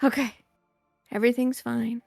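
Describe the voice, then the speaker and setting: A woman running a tabletop game on stream as game master, chatty and quick to laugh. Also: a little high, steady tone, gravelly, darkish tone, faint music behind.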